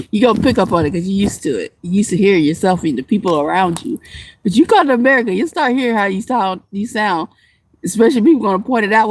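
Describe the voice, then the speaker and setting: Lively laughing woman with a country twang. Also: medium pitch, slight background noise. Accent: Southern US country twang. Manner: playful, laughs often, swears casually. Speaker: livestream vlogger. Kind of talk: casual livestream chat with viewers.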